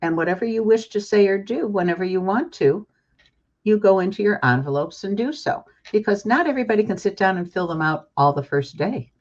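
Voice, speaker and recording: A woman's voice: mid-range voice, animated, fairly quick, a little mellow. Older lady guest on a talk show, earnest, emphatic, kinda emotional, dull lo-fi sound. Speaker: author and guest.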